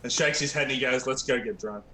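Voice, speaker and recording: A man's voice: medium pitch, fast, bright, forceful tone, close to an everyday voice. A man voicing a blunt male ruler who speaks in a dry, curt way. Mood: fed up. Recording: roomy echo.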